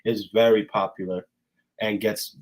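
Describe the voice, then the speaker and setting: A man's voice: on the low side, flat delivery, unhurried. A man hosting a casual livestream talk, rambling loosely and laughing often, with a cold that keeps him sneezing. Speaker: host.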